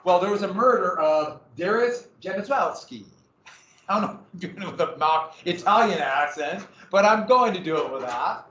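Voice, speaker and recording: Speaking at a moderate pace in an expressive, high voice with a fairly bright tone, a man chats through a lighthearted slide presentation for a small audience, drifting onto tangents. The audio is distant, roomy and a bit dull.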